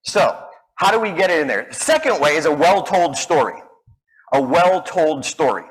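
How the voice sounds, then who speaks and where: Animated man telling stories. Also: a little high, normal speed, husky, rough recording. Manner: animated, acts out quoted voices. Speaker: public speaking coach. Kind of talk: storytelling keynote talk.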